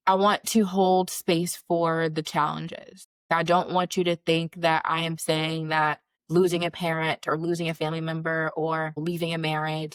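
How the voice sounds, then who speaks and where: Woman in her 30s doing a pep talk podcast, kinda low voice, says stuff twice, dry close mic. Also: smooth, dry recording. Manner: earnest, repeats phrases for emphasis. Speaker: career coach and podcast host. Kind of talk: motivational solo talk.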